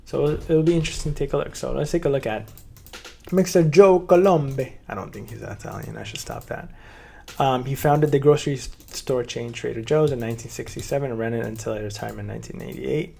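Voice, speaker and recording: A man's voice: medium pitch, fast talker, vocal fry, mellow, husky. A young man casually reacting to a video on a live stream, rambling with playful asides.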